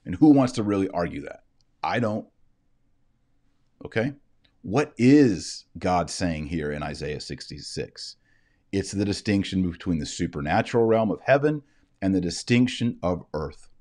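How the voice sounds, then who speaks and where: A man's voice: low voice, lively intonation, a little slow, darkish tone. A man giving an online Bible lecture from his desk, explaining verses in a conversational way and answering his own rhetorical questions. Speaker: Bible teacher. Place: indoors, seated at a desk with a shared screen.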